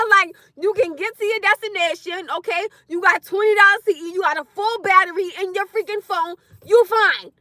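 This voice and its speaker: A young adult woman ranting bluntly on a casual livestream, animated and laughing often. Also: very high voice, a little fast, hardly any pauses, no room sound. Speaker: livestream host.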